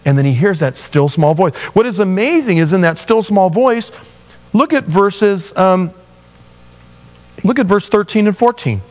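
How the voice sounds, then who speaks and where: A man preaching a sermon, telling Bible stories with animated voices for the characters. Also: sits high, unhurried, in a large hall. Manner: animated storytelling, acting out biblical figures in voices. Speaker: pastor.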